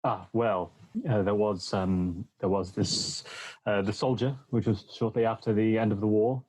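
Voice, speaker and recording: A man's voice: on the low side, fairly even intonation, moderate pace, darkish tone, breathy edge, low-quality recording. A man playing a fumbling, over-polite playwright. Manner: hesitant, apologetic, over-polite.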